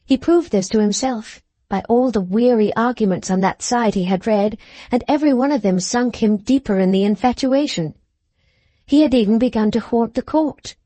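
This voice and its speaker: A woman narrating a classic novel as an audiobook, in a measured, composed storytelling manner. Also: fairly high pitch, dark tone, dry recording.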